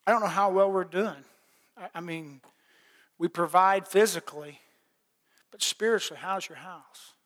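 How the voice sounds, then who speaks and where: Middle-aged preacher guy, folksy and plainspoken, kinda high voice, long echo like a big church. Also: normal speed, long pauses, a bit bright. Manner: plainspoken, folksy testimony with laughs and repetitions. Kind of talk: sermon. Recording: long hall reverb.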